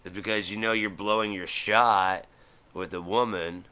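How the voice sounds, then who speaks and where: A man's voice: fairly low pitch, steady tone, a little slow, sharp tone, clear, resonant tone. A man, middle-aged, hosting a live stream and ranting in a heated, profane way, acting out the voices he quotes. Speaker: host.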